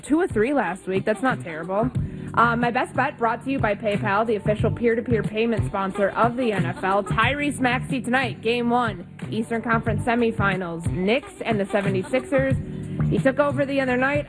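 A woman's voice: on the high side, moderate pace, poor audio. A woman co-hosting sports radio, giving a casual, chatty betting pick. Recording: music bed behind voice.

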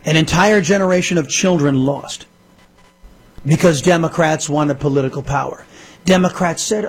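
A man's voice: fairly high pitch, moderate pace, husky. Indignant talk radio host, a man. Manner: indignant, emphatic, repetitive. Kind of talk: political talk radio monologue.

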